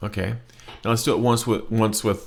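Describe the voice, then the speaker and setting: Deep gravelly man teaching patiently. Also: flat delivery. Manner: slow, patient explaining with drawn-out demonstration phrases. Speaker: language teacher. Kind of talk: recorded language lesson.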